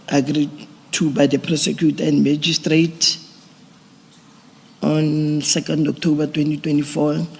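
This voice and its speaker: A man, a police general giving deliberate, procedural testimony at a formal hearing. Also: fairly high pitch, creaky, a little mellow, slightly rough. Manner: deliberate, procedural, restarts phrases. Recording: long reverb of a large hearing room.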